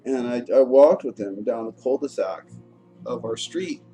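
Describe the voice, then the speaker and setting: A man in his thirties telling his own story in a frank, halting way, full of fillers, restarts and the odd curse. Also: medium pitch, expressive, dark tone. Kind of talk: candid personal monologue. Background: music playing.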